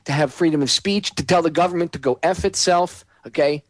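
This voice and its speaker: A man's voice: a little high, a little fast, hardly any pauses, no echo. A man hosting a talk radio show, delivering a heated, sarcastic monologue.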